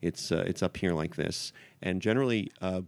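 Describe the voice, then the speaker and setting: A man's voice: low-pitched, normal speed, no echo. A man from the Bronx, a cartoonist guest on a podcast, telling anecdotes in a dry, wry way. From the Bronx, New York. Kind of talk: casual podcast chat.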